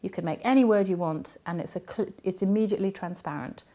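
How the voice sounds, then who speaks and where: A woman linguist answering interview questions, explaining patiently with frequent ums and pauses. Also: medium pitch, warm tone. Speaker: linguist and university academic.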